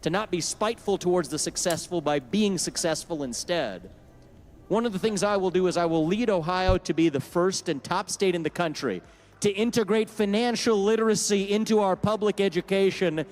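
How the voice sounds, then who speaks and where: A man gives a measured, earnest prepared speech with a fairly high voice. It is a clip played during a stream. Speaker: political candidate in a clip.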